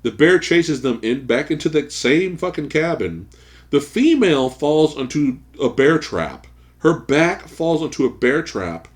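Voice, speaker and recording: A man co-hosting a casual podcast chat, telling stories in a profane, animated way and laughing often. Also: fairly high pitch, a little slow. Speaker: podcast co-host.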